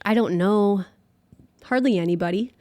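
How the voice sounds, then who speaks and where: A woman's voice: mid-range voice, normal speed, darkish tone. A young woman, a podcast guest, chatting through a personal story and peppering it with "like". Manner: chatty, heavy use of filler "like".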